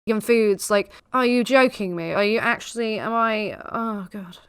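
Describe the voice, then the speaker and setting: A woman's voice: medium pitch, normal speed, fairly bright tone, clean tone, no echo, studio quality. A woman giving incredulous reaction commentary on a streamer's clip. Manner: exasperated, incredulous.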